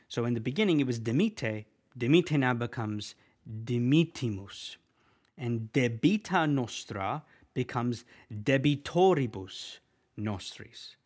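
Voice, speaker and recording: A man teaching a prayer in Latin as a language lesson, patiently repeating each phrase slowly and clearly. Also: mid-range voice, lively intonation. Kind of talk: slow spoken language lesson.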